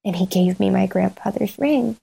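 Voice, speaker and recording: A podcast co-host with a gravelly, mellow, slightly rough voice of medium pitch talks at a normal pace in casual conversation. She's heartfelt and rambling, full of fillers and restarts, and tearful, crying at times.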